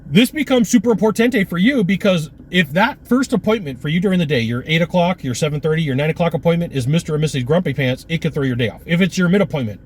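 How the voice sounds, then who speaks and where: A man giving an energetic, punchy sales coaching talk with lots of repetition. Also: a little high, a little hiss or hum.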